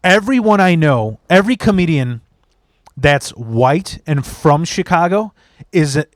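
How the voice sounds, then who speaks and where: A young man with a somewhat high voice tells a story on a podcast in a blunt, profane, casual way. He often slips into quick impressions of the people in the story. The recording is close and dry. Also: expressive, no room sound. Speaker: podcast host. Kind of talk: casual comedy podcast chat.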